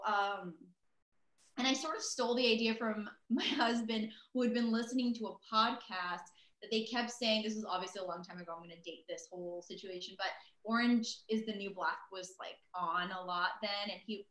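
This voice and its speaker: Speaking at a medium pitch with a fairly bright tone, this woman in her thirties is a voice actress guest on a video call. She talks casually, dropping lots of fillers and poking fun at herself, and the room echoes noticeably.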